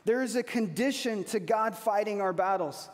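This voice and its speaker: High-voiced man preaching in a reverberant hall. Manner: earnest, slows down to repeat key phrases. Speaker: pastor. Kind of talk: sermon. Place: church hall. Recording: long reverb of a large hall.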